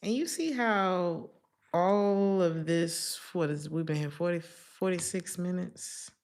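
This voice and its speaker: A woman's voice: lowish voice, slow, a little mellow. A woman giving a casual tarot reading to her viewers, chatty and slangy, laughing often between her thoughts. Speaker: tarot reader.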